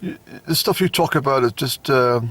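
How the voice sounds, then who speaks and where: A man's voice: medium pitch, normal speed, a bit bright, voice pushed up, close to an everyday voice. A man voicing a brusque, dismissive, wealthy family doctor who belittles his patient. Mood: scornful. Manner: curt and belittling.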